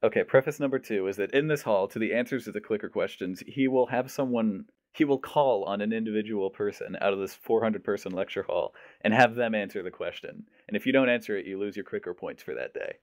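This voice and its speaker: A young man tells a story on a podcast, playing each person in it as he goes. His voice sits fairly low. The sound is dry and close, with no room around it. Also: fairly quick, hardly any pauses, dry recording. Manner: animated storyteller, mimics voices. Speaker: podcast host. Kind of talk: casual storytelling.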